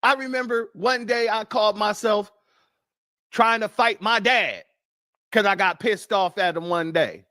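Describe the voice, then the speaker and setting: A man's voice: sits high, a little slow, pushed and bright, no echo, clean studio sound. A man from the United States hosting a news commentary show, talking bluntly and profanely and telling stories from his childhood. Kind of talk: casual commentary.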